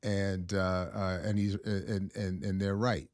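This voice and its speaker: A middle-aged man hosting a podcast in casual chat, reading out viewer comments, animated and often stumbling over his words. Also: low-pitched, slow, no room sound, studio quality. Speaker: podcast host.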